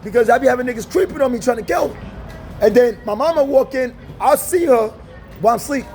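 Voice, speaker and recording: High-voiced man telling profane stories. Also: quick pace. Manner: profane, laughing, animated storytelling. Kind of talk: casual storytelling. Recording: loud street traffic noise.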